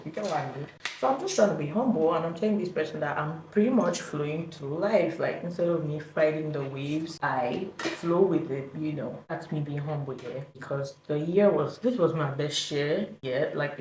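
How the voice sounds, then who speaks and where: A young woman with a low voice talks in a loose, chatty vlog manner and keeps checking in with her listener. Her voice rings around a roomy space. Faint noise sits underneath. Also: darkish tone. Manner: chatty, often asks "you get what I mean?". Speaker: content creator. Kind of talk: casual vlog chat. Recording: echoey room, faint background noise.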